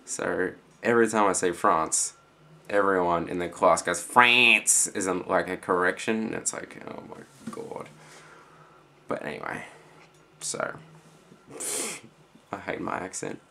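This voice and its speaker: A teenage boy with an Australian accent, rambling casually in a vlog reply with lots of fillers and quiet trailing-off phrases. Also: deep voice, steady tone, unhurried, creaky, long pauses, slight background noise. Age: teens. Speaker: student vlogger.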